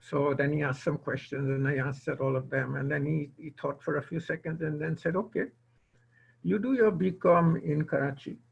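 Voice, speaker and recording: Gravelly older man retelling a memory. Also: fairly high pitch, fairly even intonation, moderate pace, dull audio. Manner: retells remembered dialogue, quoting others. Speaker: guest speaker. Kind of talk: storytelling talk. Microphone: video call.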